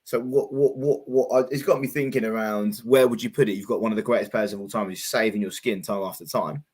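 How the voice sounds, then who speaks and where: A man's voice: on the low side, fairly even intonation, fast, a little mellow, slightly rough. A man co-hosting a casual football comedy chat, full of matey banter and calling his partner "mate". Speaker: co-host.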